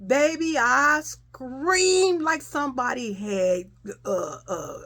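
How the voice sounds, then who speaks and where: A young adult woman casually telling a childhood story to her viewers, animated and chatty. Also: high voice, slow pace. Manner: animated, addresses viewers as y'all.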